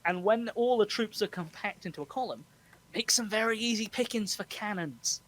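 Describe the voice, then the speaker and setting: A man hosting a podcast, explaining history in a relaxed chat with frequent laughs. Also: high voice, normal speed, rough recording. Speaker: podcast host. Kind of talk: casual storytelling chat.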